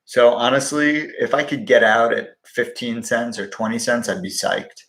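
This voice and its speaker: Guy on a livestream chatting casually, gravelly lowish voice, kinda echoey room, swears a lot and cracks jokes. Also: moderate pace, a bit bright. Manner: blunt and profane, wisecracking, hums to himself. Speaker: livestream host answering viewer questions on stocks. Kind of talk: casual live-stream chat.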